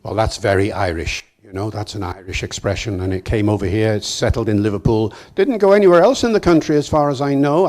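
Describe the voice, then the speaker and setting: An older man from Wales giving a lively, anecdotal public lecture in a hall, chuckling now and then. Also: lowish voice.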